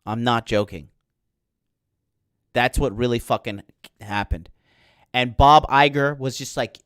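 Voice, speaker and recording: A man hosts a livestream and rants into the mic in a heated, rambling stream full of swearing. His voice is smooth and mid-pitched, with a dry sound and no room echo. He sounds sleepless late at night. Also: a little slow. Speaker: podcast host. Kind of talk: ranting livestream monologue.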